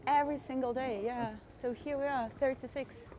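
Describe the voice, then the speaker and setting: A woman's voice: high-pitched, fairly even intonation, moderate pace, a little mellow, poor audio. A woman tour guide earnestly explaining history outdoors on city streets, with faint traffic behind. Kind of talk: informative storytelling.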